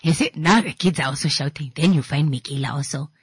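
A woman chatting casually, animated and laughing often as she mimics her children shouting. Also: low-pitched, fast, hardly any pauses, husky, no room sound. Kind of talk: casual chat.

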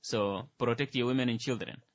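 A man's voice: mid-range voice, a little fast, dry recording. Man, hesitant, lots of fillers, sarcastic, casual chat, dry close mic. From Namibia. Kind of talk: casual discussion.

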